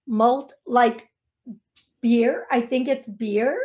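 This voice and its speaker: Woman psychic host, slow unhurried delivery, fairly high voice, gentle, says love a lot. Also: fairly even intonation. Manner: soft-spoken, affectionate, calls caller love. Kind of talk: call-in reading. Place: radio studio.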